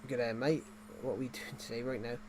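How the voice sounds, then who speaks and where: A man's voice: mid-range voice, level tone, fairly quick, darkish tone, slight background noise. Rambling man chatting on a game stream. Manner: rambling, self-correcting, jokey. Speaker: gaming streamer. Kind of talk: casual livestream chat while playing.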